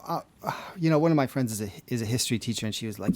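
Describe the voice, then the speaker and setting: A man's voice: medium pitch, lively intonation, very fast, a little mellow, no room sound. A man co-hosting a podcast, chatting casually in an easygoing way with many hesitant fillers. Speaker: podcast co-host. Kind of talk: casual chat.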